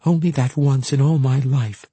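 A man's voice: mid-range voice, fairly even intonation, normal speed, warm tone, husky, no echo, pitched above the performer's own voice, natural voice. A man voicing a determined young peasant woman who speaks in an earnest, pleading way.

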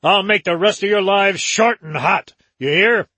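A man's voice: on the high side, a little slow, pushed and bright, slightly rough, no room sound, pitched above the performer's own voice, heavily acted. A man voicing a ruthless male smuggler boss who snaps out threats and orders in a story reading. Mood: savage. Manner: savage, barking orders.

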